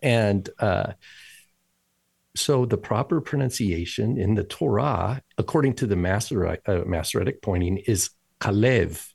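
A man's voice: fairly low pitch, a little slow, creaky, darkish tone, slightly rough, dry recording. A man co-hosting a podcast, explaining things with enthusiasm and repeating words for emphasis. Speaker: podcast co-host, teacher. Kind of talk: casual podcast chat.

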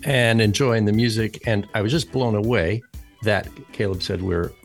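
A man's voice: on the low side, normal speed, soft background music. A man co-hosting a podcast, explaining things with enthusiasm and repeating words for emphasis. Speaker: podcast co-host, teacher. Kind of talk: casual podcast chat.

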